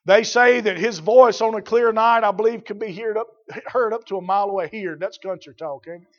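A man preaching a sermon, swinging from loud shouts to quiet, drawn-out emphatic words. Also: high voice, dull audio.

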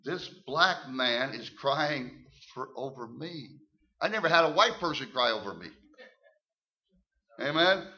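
An older man preaching his testimony in church, emphatic and folksy, repeating words and swinging from hushed tones to loud shouts. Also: mid-range voice, animated, a little slow. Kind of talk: sermon testimony. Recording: muffled lo-fi recording.

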